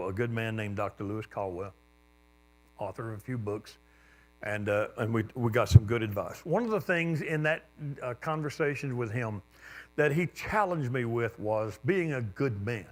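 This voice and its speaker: Animated preacher telling a story. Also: male voice, moderate pace. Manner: animated storyteller, voice jumping up with excitement then dropping low. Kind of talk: storytelling sermon.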